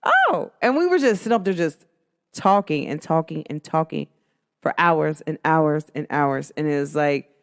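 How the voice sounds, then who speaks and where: A woman, telling a rambling personal story in casual chat, full of fillers and jumping high when she quotes people. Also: moderate pace, vocal fry. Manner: chatty, rambling, lots of "like" fillers; animated, swoops high when quoting others.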